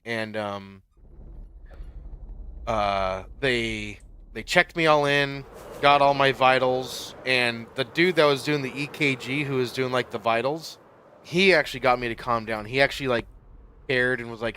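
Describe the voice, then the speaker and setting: A man's voice: mid-range voice, measured pace, bright, forceful tone, slight background noise. A young man casually telling a long personal story while playing a game, rambling with many fillers and getting worked up. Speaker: Minecraft YouTuber.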